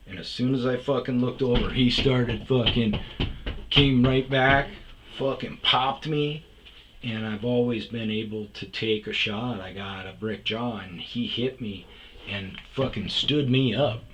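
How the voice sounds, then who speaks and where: A man's voice: mid-range voice, unhurried, a little hiss or hum, rough recording. Profane, rambling man telling a story. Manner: rambling, profane, self-interrupting. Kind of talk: casual spoken storytelling.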